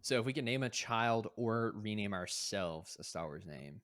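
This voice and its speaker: A man's voice: lowish voice, lively intonation, normal speed, fairly bright tone, dry recording, clean studio sound. A man hosting a podcast, teasing his co-hosts and steering the casual chat. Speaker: podcast host.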